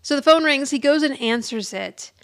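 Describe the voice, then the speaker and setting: A woman's voice: high voice, expressive, moderate pace, a bit bright. A woman co-hosting a podcast, casually recapping a TV episode and acting out the characters' lines, often laughing. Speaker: podcast co-host.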